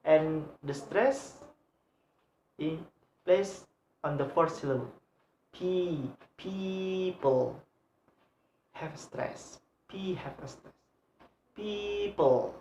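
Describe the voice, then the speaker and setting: Slow halting woman with an Indonesian accent. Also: deep voice, darkish tone, a little hiss or hum. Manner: halting, repeats example words many times. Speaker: English education student presenting a lesson. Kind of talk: slow read-aloud lesson on word stress. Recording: echoey room.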